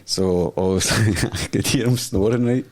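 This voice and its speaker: A man's voice: on the low side, moderate pace. A young man, a podcast co-host, telling a crude story in casual chat and laughing as he goes.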